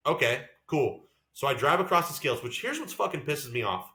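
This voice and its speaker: A man vents on a podcast in an angry, swear-laden rant, his somewhat high voice leaping up and down as he talks. The sound bounces around a roomy space. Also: big pitch swings, a little fast, sharp tone. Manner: heated, profane rant. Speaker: podcast co-host and racing driver. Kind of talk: casual podcast chat.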